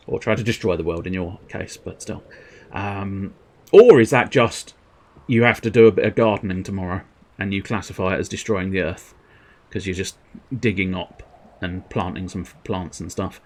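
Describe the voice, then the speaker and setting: A man's voice: sits low, steady tone, normal speed. A man giving casual, rambling commentary on a game stream, full of self-amused asides.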